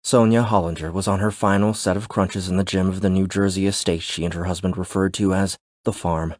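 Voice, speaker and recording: Brief: male narrator, low voice, steady scripted delivery, dry close sound. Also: brisk, no echo. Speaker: audiobook narrator.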